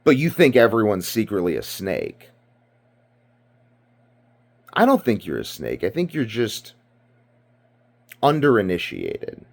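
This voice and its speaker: A man's voice: lowish voice, wildly swooping pitch, measured pace, gravelly, long pauses. A man from Britain giving rambling casual commentary, ranting and profane, full of fillers. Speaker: video commentator.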